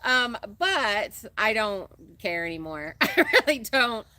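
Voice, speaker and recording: A woman's voice: medium pitch, very animated, slow pace, pushed and bright, dry recording. A woman co-hosting a casual livestream, chatting animatedly, laughing easily and reading viewer comments aloud. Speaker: co-host of a farm livestream.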